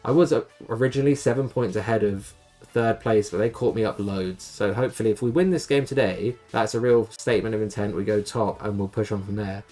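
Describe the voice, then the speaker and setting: A man's voice: lowish voice, fairly quick, a little mellow, faint music behind. A young man giving casual, rambling and self-deprecating commentary on his football management game save. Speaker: gaming YouTuber.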